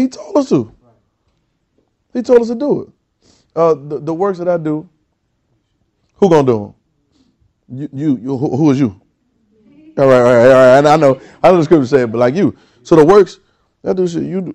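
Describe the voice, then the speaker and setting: A man preaching a sermon, calling on the congregation to answer back and building to loud, emphatic peaks. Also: medium pitch. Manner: exhorting, calls for congregation responses.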